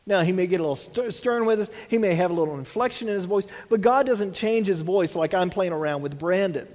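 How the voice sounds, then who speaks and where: High-pitched pastor guy preaching earnestly, lots of you-knows, big echoey hall. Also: expressive, brisk, darkish tone. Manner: earnest preaching with frequent restarts and "you know" asides. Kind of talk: sermon.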